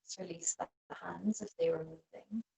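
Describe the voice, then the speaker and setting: A woman yoga teacher guiding a restorative class in a soft, gentle, calm way. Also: lowish voice, normal speed, creaky, poor audio. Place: seated on a cushion.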